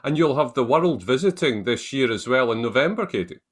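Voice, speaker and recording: A man moderating a business panel over a video call, polite and measured as he passes turns to the speakers. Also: medium pitch, expressive, slightly rough. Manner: measured, polite, turn-giving.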